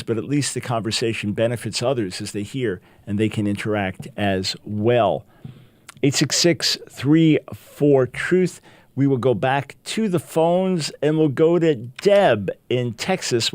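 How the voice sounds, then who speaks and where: A man's voice: medium pitch, a little mellow, dry recording. A man hosting a call-in radio talk show, speaking in an earnest, emphatic and inviting way.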